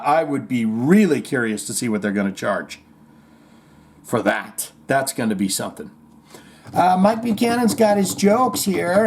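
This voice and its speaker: A man hosting a casual comedy podcast, reading listener comments and jokes aloud with playful asides. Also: medium pitch. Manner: animated, jokey, puts on voices when reading comments.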